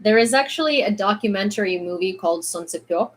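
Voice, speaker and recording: A woman's voice: medium pitch, lively intonation, fairly quick. A woman from Ukraine with a mildly American-sounding accent in English, reading news on a stream and chatting through it with many fillers. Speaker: news livestreamer. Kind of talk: casual news commentary stream.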